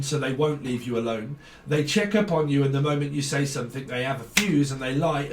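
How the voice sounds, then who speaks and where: A man giving a casual tarot reading, swearing, ranting and laughing often. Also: mid-range voice. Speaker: tarot reader. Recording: roomy, distant from mic, faint background noise.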